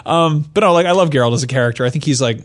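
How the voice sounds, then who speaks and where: A man co-hosting a casual podcast chat about video games, talking freely and breaking into silly put-on voices. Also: rapid-fire. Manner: animated, jumps into high silly voices for impressions. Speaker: podcast co-host.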